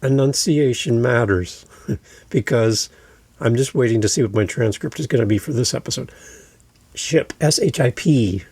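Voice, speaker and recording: A man hosting a podcast, giving deliberate instructional advice into a close microphone and repeating his key points. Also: mid-range voice, darkish tone, slightly rough, no room sound. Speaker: podcast host and coach.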